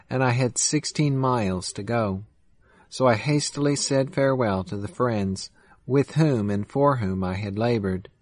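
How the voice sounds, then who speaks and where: A man narrating a first-person memoir in a steady, measured reading voice. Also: medium pitch, no echo. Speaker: audiobook narrator.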